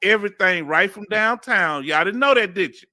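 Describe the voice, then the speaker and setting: Southern man from Houston, bright and dry. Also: high voice, expressive, normal speed, no room sound. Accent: Southern US, Texas. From Houston, Texas. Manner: folksy, reads comments aloud and chats directly to viewers. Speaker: host. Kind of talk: casual livestream chat.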